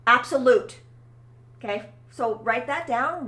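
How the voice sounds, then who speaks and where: A woman's voice: on the high side, expressive, normal speed, fairly bright tone, echoey room. Woman violin teacher, coaching and encouraging. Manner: encouraging, coaching, keeps checking in with "okay?". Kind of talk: one-on-one violin lesson. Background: faint violin playing.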